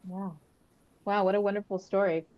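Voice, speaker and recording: A woman's voice: mid-range voice, steady tone, normal speed, highs cut off. A woman hosting a webinar interview over a video call, asking questions in a conversational way with many fillers. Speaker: webinar host.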